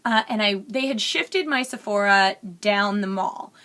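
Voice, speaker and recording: A woman's voice: medium pitch, a little slow, bright, forceful tone. A young woman chatting candidly while doing her makeup in a get-ready-with-me vlog, rambling and full of fillers. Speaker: beauty vlogger.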